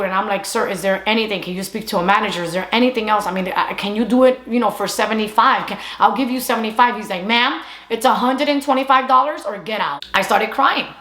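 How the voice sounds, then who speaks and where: Woman, storytime vlogger, animated retelling, mid-pitched voice, echoey room. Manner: animated, quick retelling with quoted dialogue. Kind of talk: casual storytime monologue.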